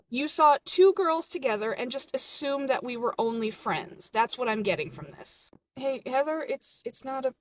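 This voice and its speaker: Woman playing every part of a café skit, high voice, faint room hiss. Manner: playing barista and customers, flustered and indignant. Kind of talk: comedy skit acting.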